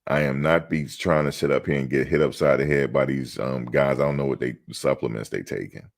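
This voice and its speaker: A man hosting a casual sports talk show, joking and acting out mock quotes in an animated, laid-back way. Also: extremely low pitch, fairly quick, creaky.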